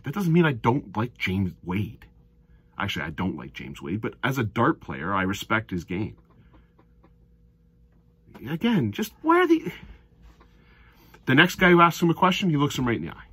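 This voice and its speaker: Man, commentator. Husky voice, lively pitch, heated rant, dry close mic. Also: normal speed, long pauses, dry recording. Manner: heated, ranting, swings from low mutters to loud outbursts. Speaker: darts commentator. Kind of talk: opinionated solo video commentary.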